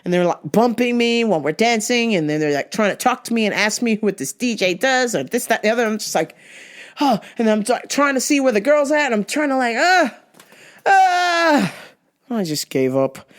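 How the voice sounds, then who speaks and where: A woman vlogger telling a comic personal story, animated and profane, acting out the people she quotes. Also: fairly high pitch, fast, hardly any pauses.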